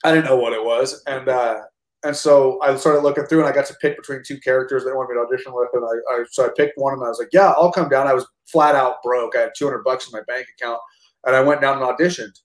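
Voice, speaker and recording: A man in his thirties tells stories quickly and animatedly, tripping over his own words and dropping the odd swear word. His voice carries a noticeable room echo, like he is sitting in an untreated space, and he moves along briskly. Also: medium pitch. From United States. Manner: animated, rambling with many restarts and casual swearing. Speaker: actor and army veteran, guest. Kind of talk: casual storytelling interview. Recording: roomy echo.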